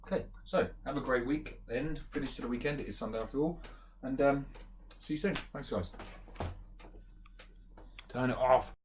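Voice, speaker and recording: A man giving a casual beer review, talking in a relaxed, rambling way and thinking aloud with fillers as he tastes. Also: mid-range voice, normal speed, a little hiss or hum. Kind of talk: casual beer tasting chat.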